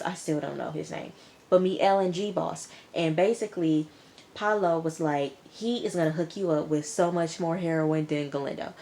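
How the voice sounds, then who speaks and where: A woman's voice: on the low side, darkish tone. A woman recapping a TV episode in a casual, chatty way, often talking back to the characters. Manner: chatty, talks back to characters with mock quotes. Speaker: TV episode reviewer.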